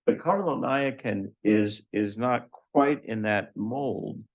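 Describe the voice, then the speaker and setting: At a lecture event, a male host with a mid-range voice formally and measuredly introduces a guest speaker, slipping in light humorous asides. The highs in the recording are cut off.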